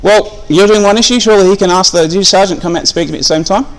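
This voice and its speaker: Phone in hand, a member of the public confronts officers indoors at a police station's reception area. The Australian man's voice sits high and his speech comes rapid-fire as he argues insistently and asks the same questions again and again.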